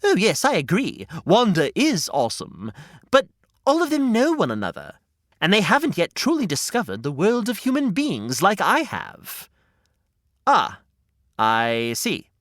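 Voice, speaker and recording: A man voicing an eager, earnest male hedgehog sidekick who narrates in a hushed nature-documentary manner. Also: sits high, huge pitch swings, unhurried, no room sound, clean studio sound, exaggerated voice. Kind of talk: podcast storytelling skit.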